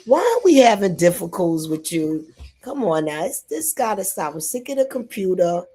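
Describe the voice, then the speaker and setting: A woman from New York hosting a casual live stream, talking straight to her viewers in a lively way. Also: medium pitch, moderate pace, very noisy. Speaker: livestream host. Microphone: phone or computer mic.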